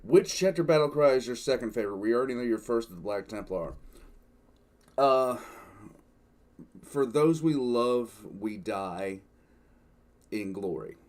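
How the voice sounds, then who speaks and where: A man's voice: mid-range voice, expressive, measured pace, long pauses, darkish tone. An older man hosting a reaction to a story, casual commentary with exasperated groaning asides.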